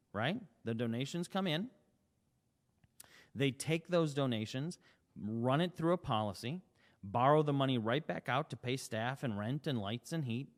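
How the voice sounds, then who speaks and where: Emphatic man pitching in a hall. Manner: emphatic, rhetorical questions, acts out little dialogues. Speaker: company CEO presenting. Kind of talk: sales presentation.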